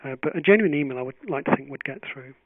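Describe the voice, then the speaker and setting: A man answering webinar questions as a journal editor, speaking in a thoughtful, measured way with frequent restarts. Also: medium pitch, no echo. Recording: tinny phone-like webinar audio.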